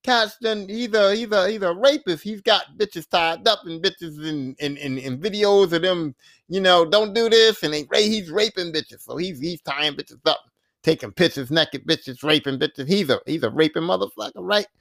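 A man with a fairly high voice recaps a TV episode in a casual, animated and profane way. He is recorded dry and close, with no room sound. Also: moderate pace, no echo. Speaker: podcast host.

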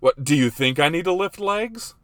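A man doing a high mock girly wife voice. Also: fairly quick, no room sound, natural voice. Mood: offended. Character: his wife, a woman in a relationship.

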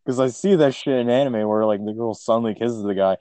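A young man loudly joking and giving advice to his friends in casual chat. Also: lowish voice, fast, no echo.

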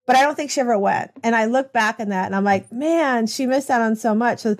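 A woman's voice: fairly high pitch, brisk. A woman hosting a podcast interview, talking with enthusiasm in long rambling stretches full of restarts. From United States. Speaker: podcast host. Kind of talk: conversational interview.

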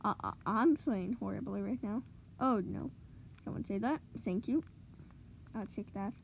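A woman giving excitable live commentary on her own gameplay, cheering goals and groaning at misplays. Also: medium pitch, unhurried, creaky, slight background noise. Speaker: gamer streamer.

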